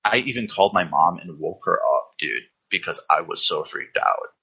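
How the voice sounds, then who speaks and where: Young male podcast host, low gravelly voice, excitable and profane storyteller, dull lo-fi sound. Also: normal speed. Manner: rambling, profane, excitable, says "dude" often. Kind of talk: casual storytelling. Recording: dull lo-fi recording.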